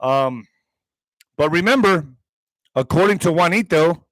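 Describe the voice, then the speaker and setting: A man's voice: on the high side, lively intonation, a little slow, a bit bright, dry recording, low-quality recording. A man hosting an online commentary show, reading news items aloud and breaking off into profane, sarcastic asides. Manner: profane, sarcastic asides between read headlines.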